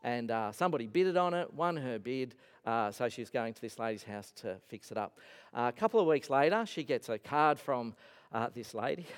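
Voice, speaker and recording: A man's voice: medium pitch, animated, normal speed, big-room sound. A man preaching a sermon as a pastor, telling stories earnestly with emphatic rises and falls. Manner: earnest storytelling, voice rising and falling with emphasis. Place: church hall.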